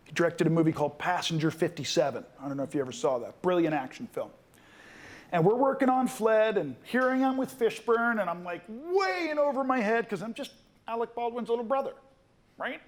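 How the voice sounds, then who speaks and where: A man, telling a lively story to a room of students and acting out the people in it. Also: high-pitched, a little fast. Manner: animated storyteller, acts out voices in quotes. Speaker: guest actor.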